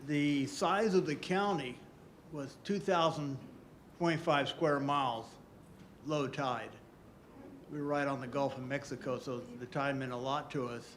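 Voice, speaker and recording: A man's voice: medium pitch, unhurried, slight background noise. An older man from Southwest Florida giving a folksy, storytelling conference talk, repeating phrases for emphasis. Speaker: conference speaker.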